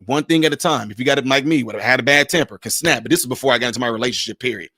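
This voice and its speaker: A man talks through relationship advice in a loose, conversational way. His voice sits at a middle pitch and sounds dry and close to the mic. He slips into quick acted-out snatches of dialogue while telling his stories. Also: no echo. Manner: animated storyteller, acts out dialogue in other voices. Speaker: podcast panelist giving relationship advice. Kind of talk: casual advice talk.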